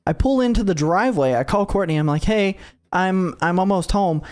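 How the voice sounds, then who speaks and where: A man's voice: high-pitched, expressive, fairly quick, a little mellow. A man in his thirties, co-hosting a podcast in casual chat, telling a long story with lots of fillers and acted-out quotes. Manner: rambling storyteller, acts out quotes. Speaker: podcast co-host.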